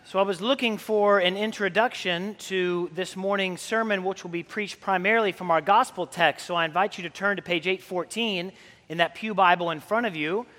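Priest giving a chatty sermon, high bright voice, big church echo. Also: male voice, moderate pace. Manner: conversational storytelling preacher. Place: church sanctuary. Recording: long church reverb.

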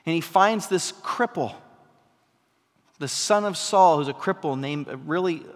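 A man's voice: a little high, measured pace. Man preaching in an echoing hall. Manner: conversational preaching, rising to loud emphatic peaks; asks the congregation questions. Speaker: pastor. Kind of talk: sermon. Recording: long hall reverb.

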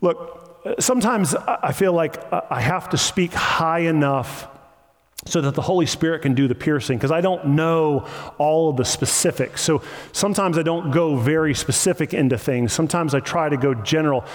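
A man's voice: a little high, normal speed. A man preaching an impassioned sermon with emphatic repetition, recorded in a church sanctuary. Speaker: pastor. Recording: long hall reverb.

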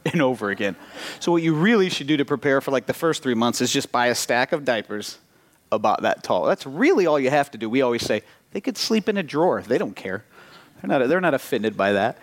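Pastor in his thirties, mid-range voice, animated sermon storytelling. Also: mid-range voice. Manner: animated storytelling with acted-out dialogue.

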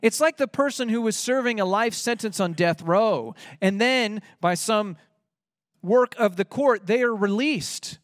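A man's voice: sits high, a little slow, dry recording, studio quality. A man preaching a sermon, emphatic and rising when he reads out scripture. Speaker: pastor.

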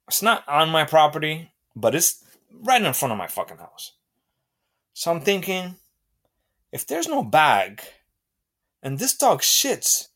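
A man's voice: fairly high pitch, fairly bright tone. A man hosting a podcast, telling a story in a profane, ranting and sarcastic way. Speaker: podcast host. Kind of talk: comedic storytelling monologue.

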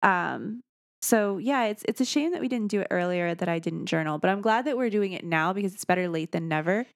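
A woman's voice: lowish voice, lively intonation, fairly quick, no room sound, studio quality. A young woman co-hosting a podcast, telling a story in a casual, self-deprecating way, sleep-deprived as a new parent. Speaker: podcast co-host. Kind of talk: casual chat.

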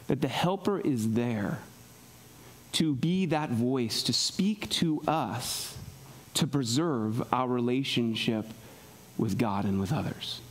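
In an animated sermon delivered at a slow pace, a male pastor talks to his listeners conversationally, often tossing in "right?" His delivery swings between hushed low asides and raised, forceful passages.

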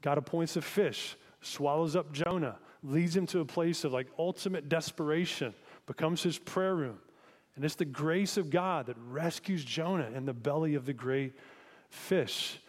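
A man's voice: fairly high pitch, moderate pace, in a large hall. A man preaching a sermon as pastor, in a conversational way, asking listeners reflective questions.

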